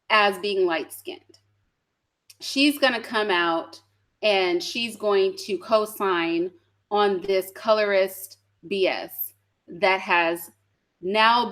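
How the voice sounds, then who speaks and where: Woman reacting to a clip, blunt n sassy, cusses a lot, medium pitch voice. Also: fairly bright tone. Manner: blunt, sassy, swears and laughs often. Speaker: video commentator. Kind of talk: casual reaction commentary.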